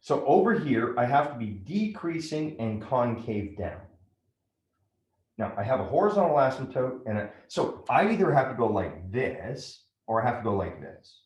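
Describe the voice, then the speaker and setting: A man's voice: mid-range voice, sing-song, normal speed, roomy sound. A man teaching a math lesson step by step, often checking in with "right?".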